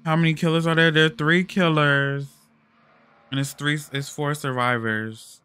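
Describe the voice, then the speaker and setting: A man streaming a game, chatting with friends in loud, excitable, slangy trash talk. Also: a little high, normal speed, clean tone, dry recording. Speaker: gaming streamer. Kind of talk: casual gaming chat.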